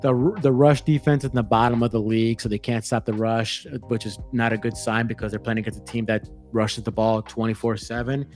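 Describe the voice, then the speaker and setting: A man's voice: medium pitch, level tone, a little fast, few pauses, a little mellow, faint music behind. Rambling male sports podcast host. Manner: rambling, ranting, many restarts. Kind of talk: casual sports betting chat.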